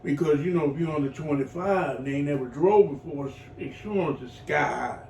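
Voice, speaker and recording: A middle-aged man giving heartfelt personal testimony as a client in a recovery program, earthy and animated, acting out voices as he tells his story. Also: on the high side, brisk, creaky. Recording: echoey room, voice from far off, faint noise.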